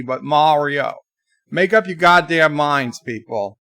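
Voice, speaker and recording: A man's voice: a little high, moderate pace, a bit bright, no room sound, clean studio sound. A man hosting a livestream, reading viewer comments aloud in a chatty, exasperated way. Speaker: livestream host. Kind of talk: casual live chat reading comments.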